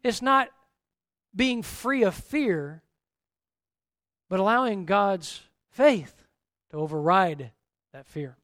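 A male pastor preaching a sermon, animated, acting out the lines of the Bible's figures. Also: high voice, slow, long pauses, no echo, clean studio sound.

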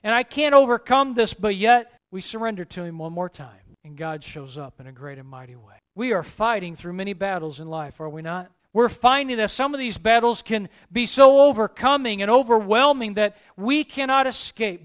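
Delivering a sermon, a male pastor uses a high, resonant, smooth voice. His preacherly manner never drops as he alternates quiet, soft asides with emphatic calls that rise in intensity.

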